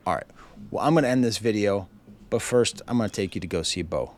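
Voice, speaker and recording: A man's voice: on the low side, expressive, quick pace, slight background noise. A man reviewing an album in a casual way at home, wry and chuckling, reading lyrics aloud. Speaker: music reviewer. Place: home with his dog.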